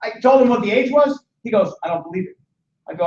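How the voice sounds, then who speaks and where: Animated older man pitching from afar. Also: fast talker, slight background noise. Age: 60s. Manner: animated, joking, fires questions at the audience. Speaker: financial seminar presenter. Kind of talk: lively sales seminar talk. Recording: echoey dull room sound from far off.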